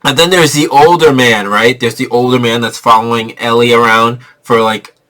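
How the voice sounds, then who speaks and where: A man's voice: mid-range voice, fairly even intonation, moderate pace, pushed and bright. A man giving a casual, rambling movie review, full of fillers and swearing. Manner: rambling, profane, filler-heavy.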